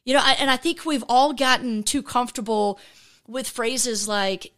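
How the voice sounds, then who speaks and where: Woman podcast host. Chatty, animated solo talk with many fillers. Acts out the voices she quotes. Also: on the high side, normal speed. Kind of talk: casual faith podcast monologue.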